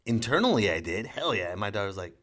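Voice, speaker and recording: A man's voice: lowish voice, sing-song, fast, a bit bright. A man, a father, hosting a podcast and telling a rambling, sarcastic comedic story. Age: young adult to middle-aged, a father. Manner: rambling, sarcastic, acts out quotes. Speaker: podcast host.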